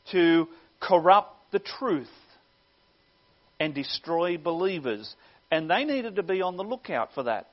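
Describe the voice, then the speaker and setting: A male pastor preaching a sermon earnestly, swelling louder on key phrases and dropping low at their ends. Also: dull audio.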